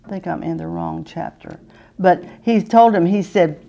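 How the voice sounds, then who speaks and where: A woman teaching a children's Sunday school lesson, patiently asking the children questions and often clearing her throat. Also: on the low side, moderate pace, mellow, muffled recording.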